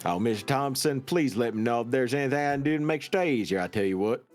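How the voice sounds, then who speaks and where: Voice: mid-range voice, fast, soft background music, pitched below the performer's own voice, lightly acted. A streamer voicing an older male hospital director in a hammy, put-on Southern US drawl while reading game dialogue aloud. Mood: folksy. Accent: exaggerated Southern US drawl put on.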